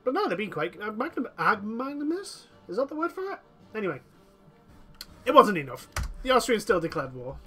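A man's voice: high voice, sing-song, a little fast, bright, forceful tone, faint music behind. A man playing a strategy game who rambles and corrects himself, with lots of fillers. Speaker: gaming commentator. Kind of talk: strategy game let's play.

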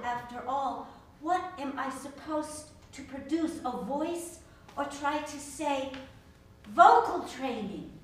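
An actress playing an anxious younger sister who questions herself in halting, wondering phrases on a stage. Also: female voice, high-pitched. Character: younger sister lying still, anxious, speaking only in her mind. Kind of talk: stage play reading. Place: theater stage. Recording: echoey stage from far off, faint noise.

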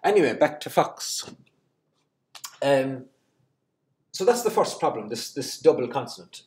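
A man's voice: mid-range voice, big pitch swings, a little slow. A man explaining Irish word history in an unscripted lesson, with frequent ums and restarts as he works through each point. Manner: hesitant, many ums and restarts. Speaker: language teacher.

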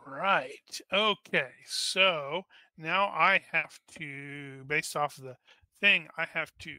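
A man's voice: on the high side, bright, forceful tone, no room sound. A man running a tabletop combat as game master, methodically narrating dice rolls aloud.

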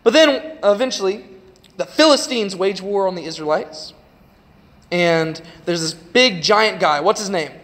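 A man's voice: sits high, expressive, a little slow, fairly bright tone. A young man giving a casual, chatty youth sermon in a church, retelling a story with lots of "like". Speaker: youth preacher. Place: church sanctuary. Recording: long hall reverb.

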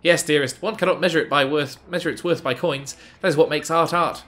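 A man voicing a pompous, posh rich gentleman who speaks in a lofty way. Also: on the high side, fairly even intonation, brisk, close to an everyday voice.

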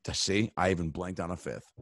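A man's voice: sits low, fairly even intonation, a little fast, fairly bright tone, no room sound, clean studio sound. A male comedian guest on a podcast, riffing in rambling, swear-laden bits full of fillers. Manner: rambling comic riffs, frequent swearing and fillers. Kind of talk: casual podcast chat.

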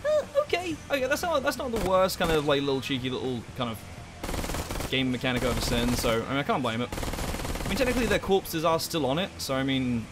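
A man's voice: mid-range voice, big pitch swings, brisk, noisy background. A young man giving sweary, sarcastic commentary while playing a game as a let's play host. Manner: sweary, sarcastic, exasperated outbursts. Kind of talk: gameplay commentary.

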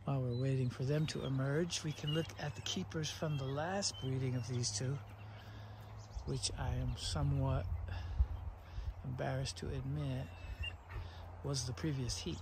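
Chatty man filming outdoors, noisy audio. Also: medium pitch. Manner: chatty, loudly calling his dogs. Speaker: dog breeder. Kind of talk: casual vlog narration. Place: outdoors at a dog kennel yard. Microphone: handheld camera filming alone.

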